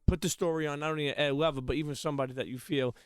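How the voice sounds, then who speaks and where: A man hosting a podcast interview in a loose, halting way, restarting phrases and leaning on fillers. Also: a little high, steady tone, clean tone, no echo, studio quality. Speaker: podcast host. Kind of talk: casual interview chat.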